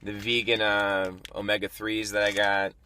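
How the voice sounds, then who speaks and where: A man's voice: lowish voice, monotone, normal speed, sharp tone, a little hiss or hum. A man recording a casual video diary on the road, talking frankly about his week, venting anger and swearing, often restarting his sentences. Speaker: vlogger. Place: on the road, travelling. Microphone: camera mic.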